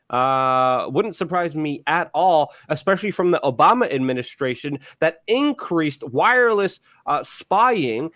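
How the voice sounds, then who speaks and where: A man's voice: on the high side, fairly bright tone, dry recording, studio quality. A man from New York co-hosting a political commentary show, talking in a blunt, insistent way. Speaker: co-host.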